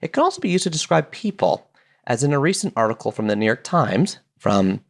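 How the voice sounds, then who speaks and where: A man hosting a solo podcast from his basement, chatty and playful, wandering off into quick jokes and asides. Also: medium pitch, sing-song, creaky. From Canada. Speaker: podcast host. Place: home basement.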